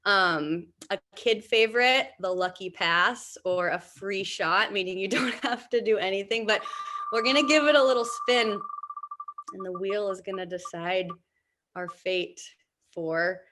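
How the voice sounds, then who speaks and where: A woman's voice: mid-range voice, a little slow, sharp tone, a little hiss or hum. A young adult woman PE teacher presenting on a video call, upbeat and encouraging, with frequent fillers and little laughs. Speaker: PE and health teacher.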